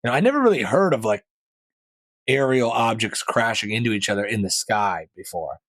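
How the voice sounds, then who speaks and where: A man's voice: mid-range voice, expressive, brisk, a bit bright, no echo. A man hosting his own podcast, talking through the week's news in a loose, rambling way with plenty of fillers and asides. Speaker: podcast host. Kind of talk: casual solo commentary.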